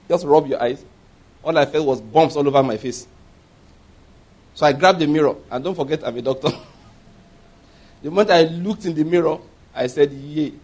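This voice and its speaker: A middle-aged man preaching a sermon, telling personal stories with animated quoted voices and laughing at his own tales. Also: on the high side. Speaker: pastor.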